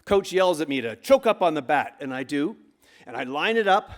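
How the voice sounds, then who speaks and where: Animated man telling a true story on stage. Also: fairly high pitch, moderate pace. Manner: animated, acts out the shouts of coaches. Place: stage before a live audience.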